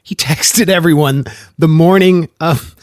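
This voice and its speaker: A man's voice: on the high side, measured pace, no echo, studio quality. A man hosting a podcast, chatting eagerly and jumping from one tangent to the next. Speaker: podcast host. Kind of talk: casual chat.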